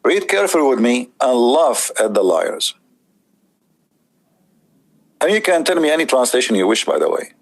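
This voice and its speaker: A man's voice: mid-range voice, very animated, normal speed, vocal fry, long pauses, rough recording. A man hosting a debate show, giving mocking, emphatic commentary on a played clip.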